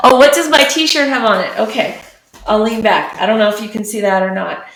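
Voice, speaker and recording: A woman's voice: mid-range voice, fairly quick, a bit bright, roomy sound, low-quality recording. A woman chatting casually as she draws on a live stream, talking through each step. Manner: chatty, talks through her work. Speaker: streamer and artist. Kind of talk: live-streamed drawing commentary.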